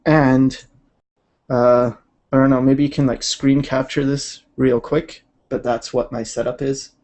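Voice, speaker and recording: A man's voice: medium pitch, level tone, measured pace, a little mellow. A man chatting casually while drawing on a livestream, laid-back and rambling with many fillers. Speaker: digital artist streaming.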